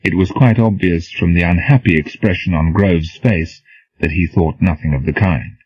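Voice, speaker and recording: A man reads a novel aloud in a measured, even storytelling manner. His voice is deep and husky, heard in a dry, dull, lo-fi recording. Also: dry recording. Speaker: audiobook narrator. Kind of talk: scripted narration.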